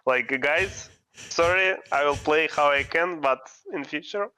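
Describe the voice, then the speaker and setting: A man co-hosting a casual esports chat in halting non-native English, laughing easily. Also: a little high, sharp tone, clean tone, no room sound, poor audio. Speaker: co-host.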